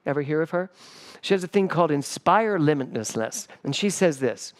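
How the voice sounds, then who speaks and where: A middle-aged man preaching to a congregation. His voice sits a little high, and he tells his stories with lively energy, putting on the voices of the people in them. He speaks as the spiritual director of the church. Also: moderate pace. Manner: animated, acts out voices in stories. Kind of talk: storytelling sermon. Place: church sanctuary, livestreamed service.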